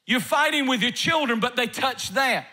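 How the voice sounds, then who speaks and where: A man preaching a sermon in church as pastor, emphatic and repetitive, with bursts of shouting. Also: very high voice, lively intonation, normal speed. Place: church sanctuary.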